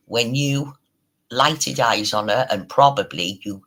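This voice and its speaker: A man delivers a sweary, mocking commentary in a slow, unhurried way. His voice is husky and gravelly, yet sharp and bright at the front. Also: medium pitch, poor audio. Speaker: streamer. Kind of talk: ranting commentary.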